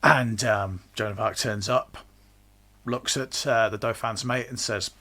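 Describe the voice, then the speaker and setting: A man hosting a casual history podcast, chatty and slangy, slipping into quick voices for the people in his story. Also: on the low side, fairly even intonation, sharp tone. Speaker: podcast host.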